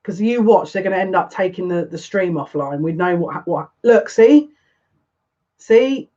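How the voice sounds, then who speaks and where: A psychic tarot reader, talking on a live stream in an excitable, breathless way, often breaking off mid-sentence. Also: mid-range voice, unhurried. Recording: dull lo-fi stream audio.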